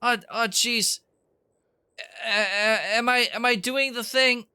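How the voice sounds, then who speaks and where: A man's voice: very high-pitched, steady tone, slow, bright, forceful tone, smooth, pitched above the performer's own voice, heavily acted. A man putting on the voice of a nervous, stammering teenage boy who keeps muttering jeez while he plays a game. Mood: flustered.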